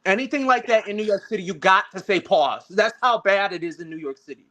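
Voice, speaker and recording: A man's voice: sits high, brisk, bright, forceful tone. A man hosting a casual online panel discussion, rambling and repeating himself, with the odd curse. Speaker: panel host. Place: online video call.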